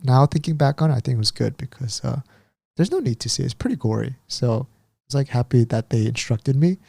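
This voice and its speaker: A man co-hosting a podcast, chatting casually and telling a story with lively acted-out quotes. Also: medium pitch, brisk, gravelly, dry recording. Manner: animated storyteller, acts out quotes. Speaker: podcast co-host. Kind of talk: casual chat.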